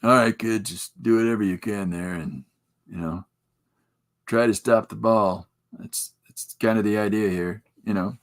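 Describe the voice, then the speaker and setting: A man voicing an apathetic male youth soccer coach with a nasal, flat, unbothered delivery. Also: fairly low pitch, unhurried.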